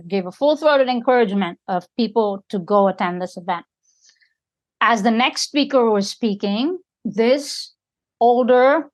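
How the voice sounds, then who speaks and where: A woman guest on a podcast, telling a story in an emphatic way and often checking in with her listeners. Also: mid-range voice. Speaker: podcast guest and community organizer.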